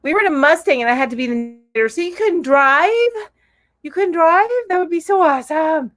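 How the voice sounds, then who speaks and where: Her voice sits high and a bit bright, with lively intonation and a brisk pace, as this middle-aged live show host reads viewers' comments on a casual stream. She's giggly and bubbly and coos at her cat, and no room sound is audible.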